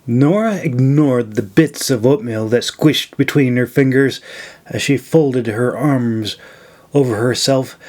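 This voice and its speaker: A man reading his own fantasy novel aloud as narrator, slow and measured. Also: mid-range voice. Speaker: author and narrator. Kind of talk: audiobook narration.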